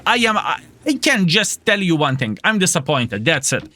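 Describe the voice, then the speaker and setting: Young streamer, bright tone, lively playful gameplay commentary. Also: male voice, on the high side, normal speed, no room sound. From Lithuania. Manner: playful, jokey, addresses viewers as fellas. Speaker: gaming streamer.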